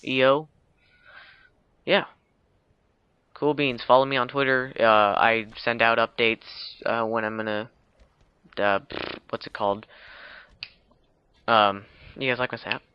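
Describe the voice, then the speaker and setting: A man's voice: mid-range voice, steady tone, takes it slowly, pauses often, smooth. A young man casually recapping a film, rambling with lots of fillers and self-corrections. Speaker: video uploader. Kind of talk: casual movie recap vlog. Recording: dull lo-fi home recording.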